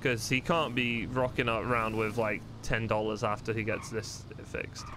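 A man's voice: on the low side, flat delivery, normal speed, background noise. A man streaming a roleplay game live from home, chatting to viewers in a loose, rambling way, swearing freely and thinking aloud as he plays.

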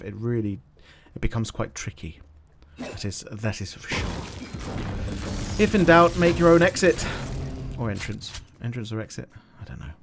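A man doing jokey game commentary, talking to himself with sudden excited yelps. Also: mid-range voice. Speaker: gaming channel host.

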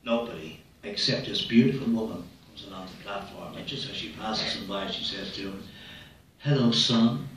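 A man's voice: sits low, steady tone, brisk, few pauses, fairly bright tone, slight background noise. A man, a comedian, telling jokes live on stage in a rambling, storytelling way. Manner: rambling storyteller, doing small voices for characters. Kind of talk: live stand-up joke telling. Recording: echoey live hall, distant mic.

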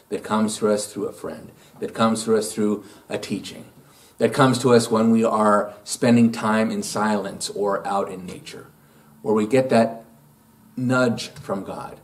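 A male pastor preaching in a church, leaning hard on key phrases with slow emphasis. His voice sits at an ordinary middle pitch for a man, and the delivery swells and eases as he builds each point. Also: far from the mic. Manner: slow, emphatic reading with rising, stressed phrases. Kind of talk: gospel reading and sermon. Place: church sanctuary.

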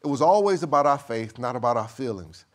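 In his sermon, a male pastor reads scripture with a deliberate cadence, his voice swinging between soft, low moments and loud, high peaks. He sounds expressive.

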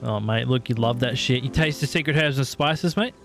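A man's voice: mid-range voice, fairly quick, gravelly. An Australian man streaming a survival game, swearing and joking in mock outrage. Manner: lively, swears a lot, jokey mock-outrage. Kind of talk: casual gaming commentary. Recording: game music behind the voice. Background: game music.

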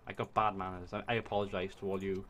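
A man gives excitable gameplay commentary, swearing often and talking to himself as he plays. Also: low-pitched, fast talker. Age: 20s. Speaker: let's play host.

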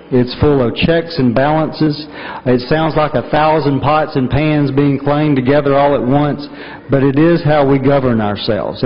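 North Georgia man speaking in an echoing chamber. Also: fairly high pitch. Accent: North Georgia mountains. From North Georgia, USA. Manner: folksy and earnest, with frequent "uh" pauses. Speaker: state senate majority leader. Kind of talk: formal floor address. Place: large legislative chamber. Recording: dull broadcast audio with long chamber reverb.

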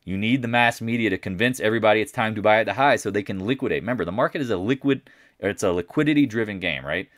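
A man's voice: fairly low pitch, fast, no room sound. Blunt, boastful male market commentator. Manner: blunt, boastful, animated asides with mocking quoted voices. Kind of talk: casual market recap monologue.

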